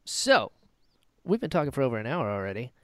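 A man's voice: medium pitch, very animated, a little fast, a bit bright, dry recording, studio quality. A man hosting a podcast, chatting casually and eagerly, often reacting with short interjections. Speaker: podcast host. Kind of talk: casual chat.

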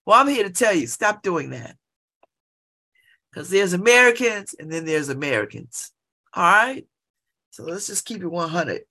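A woman in middle age chats casually from her home, sitting by an open window. Her voice sits on the low side but moves around a lot, rising and falling as she talks. She laughs often and keeps breaking off into animated asides. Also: moderate pace, long pauses. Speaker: vlogger. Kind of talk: casual monologue.

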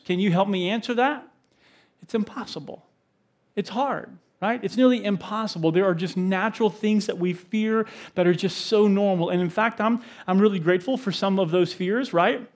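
A middle-aged pastor delivers a sermon in a high, light voice. He tells stories with animation, chuckling and asking the congregation questions as he goes.

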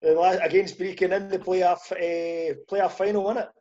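A man's voice: sits high, flat delivery, normal speed, dark tone, muffled recording. A man with a Scottish accent, a footballer guest telling stories with teasing, dry asides in a casual chat. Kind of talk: casual storytelling.

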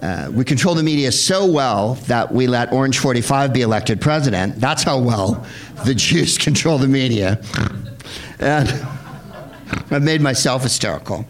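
A man's voice: animated, normal speed. A man hosting a film screening, talking to a live audience in a rambling, sardonic, profane comic style. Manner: rambling, sardonic, profane, with sudden high-pitched put-on voices.

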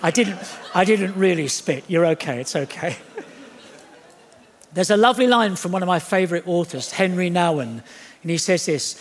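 A man preaching a sermon in church, animated and jokey, acting out the voices he quotes. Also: high voice, moderate pace. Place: church hall. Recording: long hall reverb.

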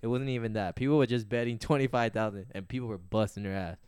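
Lower-voiced chatty man, smooth tone. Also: fast, dry recording, studio quality. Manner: animated, chatty storyteller. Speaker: podcast co-host. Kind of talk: casual chat.

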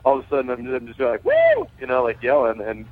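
A man's voice: medium pitch, flat delivery, racing. A man who is a guest on a radio show, telling stories over the phone in a chatty way, laughing often and restarting his sentences. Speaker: baseball pitcher and racing team owner, guest. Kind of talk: casual phone interview. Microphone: phone call. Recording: tinny phone line.

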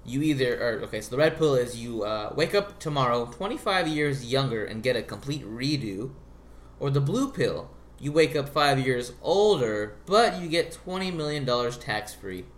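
A man hosting a casual group podcast chat, lively, laughing often and swearing casually. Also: mid-range voice, moderate pace. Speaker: host.

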